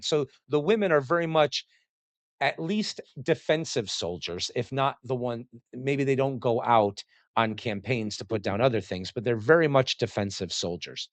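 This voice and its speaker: A man's voice: mid-range voice, lively intonation, normal speed, dry recording. Chatty man riffing on old history. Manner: chatty and digressive, laughs often, acts out quotes in mocking voices. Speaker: host reading and commenting on classics. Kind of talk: casual commentary on a read text.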